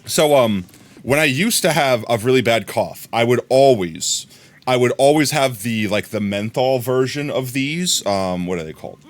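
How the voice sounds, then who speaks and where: A male streamer chats loosely to his audience at an ordinary mid pitch, circling back over his own words and chuckling between thoughts. Faint music plays quietly behind him. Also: animated, measured pace, vocal fry. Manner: rambling, repeats words, laughs often. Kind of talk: casual stream chat.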